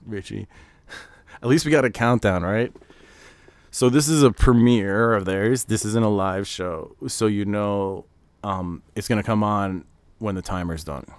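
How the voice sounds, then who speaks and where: A man's voice: on the low side, smooth, no room sound. An American man hosting a casual live stream, rambling and chatting while he answers his viewers' comments. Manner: rambling, chatty, reads and answers chat aloud. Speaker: streamer hosting a live reveal watch party.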